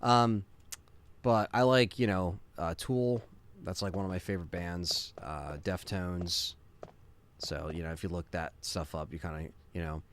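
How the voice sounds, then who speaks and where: A man chatting casually while streaming a game live, excitable and quick to swear. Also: sits low, slight background noise. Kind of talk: casual live gameplay chat.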